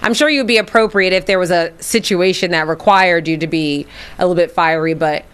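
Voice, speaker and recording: A woman's voice: on the low side, a little fast, fairly bright tone, smooth. A woman hosting a radio talk show, outspoken and teasing, chatting casually with a co-host.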